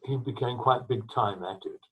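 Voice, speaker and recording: An older English man with a husky voice, answering interview questions over a video call from home in a rambling, anecdotal way. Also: medium pitch, moderate pace, a bit bright, slight background noise, low-quality recording. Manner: rambling, anecdotal, with restarts and coughs. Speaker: trombonist and mouthpiece maker, interviewee. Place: his home.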